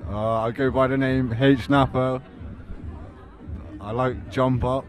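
A man with a mid-pitched voice answers quietly and tersely in casual chat. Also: level tone, takes it slowly, some chatter behind. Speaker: DJ and rave goer.

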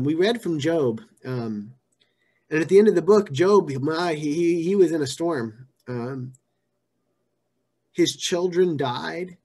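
Man, pastor, sermon, conversational, repeats himself, fairly high voice. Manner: conversational, repeats phrases, shifts from hushed to emphatic.

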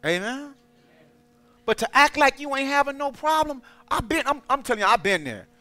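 A man preaching to a congregation in a lively call-and-response style, acting out quoted voices as he goes. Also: very high voice, moderate pace. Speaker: pastor.

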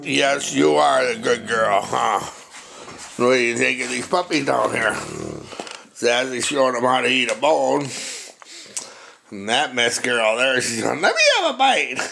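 A man's voice: medium pitch, creaky, bright, forceful tone, slight background noise. A man talking to his pet dog in a coaxing, doting, sing-song way. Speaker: dog owner.

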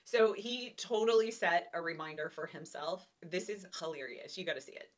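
A woman's voice: lowish voice, normal speed. A woman vlogger telling a funny story to the camera in a chatty, laughing way. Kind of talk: casual chat to camera.

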